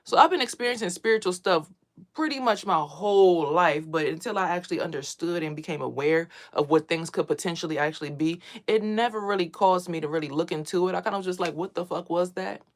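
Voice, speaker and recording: A woman vlogger telling personal stories casually, lively and swearing freely as she acts out what others said. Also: on the low side, fast talker.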